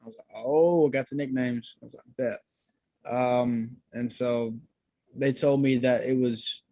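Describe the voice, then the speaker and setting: Young man, casual interview guest, loose and slangy, mid-pitched voice. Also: fairly even intonation, unhurried, warm tone, no echo, low-quality recording. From Georgia, USA. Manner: laid-back, slangy, talks to the host as "bro" and "dude". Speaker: guest, singer.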